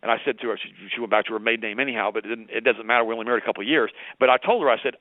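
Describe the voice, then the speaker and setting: A man's voice: medium pitch, animated, very fast, few pauses, no echo. A man in his late fifties, a radio show guest on the telephone, telling a long personal story in a rambling, candid way with many restarts and asides. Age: 50s. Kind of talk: casual phone chat, long storytelling. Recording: dry tinny phone line.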